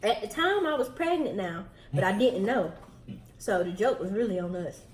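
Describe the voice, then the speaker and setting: A young Southern woman talks chattily to her viewers between bites, slightly out of breath. Her voice sits at a middle pitch and sounds roomy, with a faint hiss behind it. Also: expressive, moderate pace. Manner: chatty, addresses viewers directly. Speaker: vlogger host. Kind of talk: casual chat while eating.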